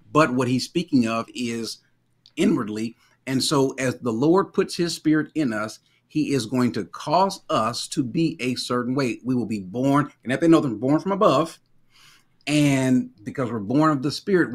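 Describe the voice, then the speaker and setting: A man in a theological debate who talks earnestly, often stammering and repeating words as he reads and argues. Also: mid-range voice.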